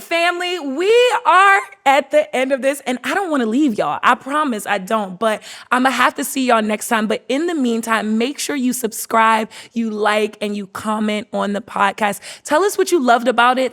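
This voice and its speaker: A woman's voice: fairly high pitch, moderate pace, hardly any pauses, a bit bright. A woman hosting a faith podcast, gushing with affectionate praise for her guest and leading a spoken prayer. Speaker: podcast host. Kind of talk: casual podcast chat.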